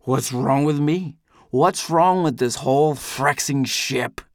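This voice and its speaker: A man's voice: mid-range voice, slow, dry recording, clean studio sound, lightly acted. A man voicing a snarling drunken old ship leader. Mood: mocking. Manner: mocking, snarling. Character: bitter drunken older male ship leader.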